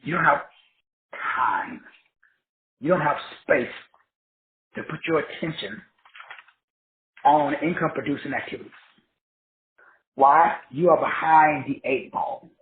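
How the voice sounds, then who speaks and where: This self-help teacher has a slightly high voice, speaks slowly and often pauses, and lectures in a preachy way, poses questions he then answers with emphatic repetition, and spells words letter by letter. A bit of hiss or hum sits under tinny, phone-like audio from an echoey room.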